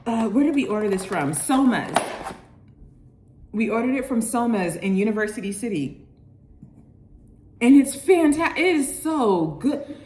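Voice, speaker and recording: Young woman, excited food vlogger, very lively pitch, talks while eating, echoey room, faint ambience. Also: slight background noise. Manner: excited, gushing, talks with mouth full. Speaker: lifestyle vlogger. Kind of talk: casual food review to camera. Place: at home, indoors.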